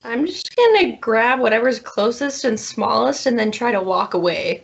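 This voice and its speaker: A woman's voice: fairly high pitch, animated, normal speed, vocal fry, husky, dull audio. A woman playing a tabletop game, thinking aloud about her character's moves. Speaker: player.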